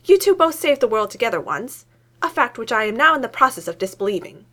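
A woman voicing a gruff, exasperated middle-aged male boss. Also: a little high, very animated, quick pace, bright, forceful tone, voice pushed up, exaggerated voice.

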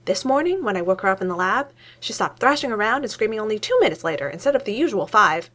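Female reader voicing a hyper young male scientist, eager and loud, very lively pitch. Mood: excitable. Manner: rapid, excitable, voice shooting up.

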